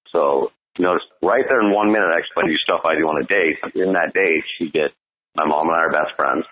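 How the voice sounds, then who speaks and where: A man's voice: extremely low pitch, slightly rough. A man coaching on dating in a blunt, profane monologue, asking "right?" as he goes. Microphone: phone. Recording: tinny phone line.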